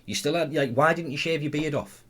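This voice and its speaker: A man's voice: fairly high pitch, a little fast, noisy background. Blunt, sarcastic male commentator. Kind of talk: ranting commentary.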